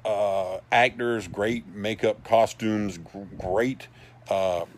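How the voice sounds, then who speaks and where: Brief: a man with a lowish voice, hosting a casual livestream, folksy and rambling. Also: fairly even intonation, slow pace, a little hiss or hum. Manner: rambling and folksy, with many asides. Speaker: livestream host for a paranormal society. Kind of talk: casual storytelling and reading viewer comments.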